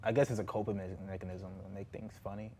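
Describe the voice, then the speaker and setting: Young guy on a talk show couch, deep monotone, lots of uh and restarts, kinda halting. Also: a little hiss or hum. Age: about 20. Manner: hesitant, halting, many fillers and restarts. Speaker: guest, former Marine.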